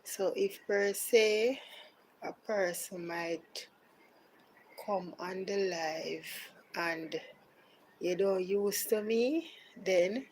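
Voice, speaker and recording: A Jamaican woman hosting a live podcast, chatting casually and slipping into soft, near-whispered phrases. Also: medium pitch, extremely slow, pauses often, rough recording. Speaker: podcast host.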